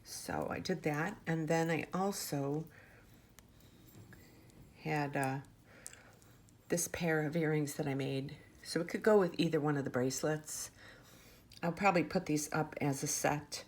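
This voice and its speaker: A woman's voice: deep voice, measured pace, long pauses, darkish tone, a little hiss or hum. A woman showing off her handmade jewelry in a casual vlog, chatty and gushing, with fillers and restarts. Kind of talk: casual show-and-tell vlog. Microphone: camera mic on a tabletop.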